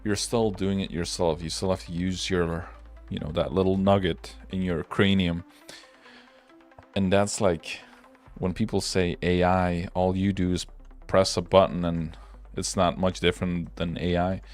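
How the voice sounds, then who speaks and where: Low-voiced man rambling on a livestream. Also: level tone, unhurried, soft background music. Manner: rambling, profane, loose and opinionated. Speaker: livestream host. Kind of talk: casual livestream chat while working.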